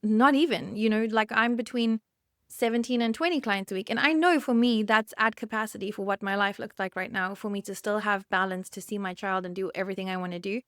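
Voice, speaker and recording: Her voice sits at a medium pitch, fairly quick, clear and resonant, captured in a clean studio with no echo. This thirtysomething South African therapist talks openly on her one-person podcast, getting emotional, choking up close to tears and laughing softly as she shares personal reflections.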